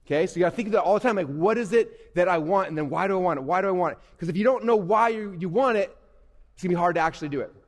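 A man giving an energetic, playful, emphatic live presentation to young people as a motivational speaker. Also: sits high, rapid-fire. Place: event hall. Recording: reverberant hall.

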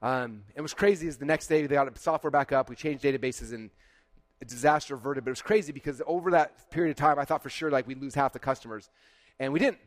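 A man giving a conference keynote, telling stories in an animated way, acting out dialogue and saying "like" often. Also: medium pitch, fast, dry recording. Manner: animated, acts out dialogue, frequent "like". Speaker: keynote speaker. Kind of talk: storytelling keynote. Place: conference stage.

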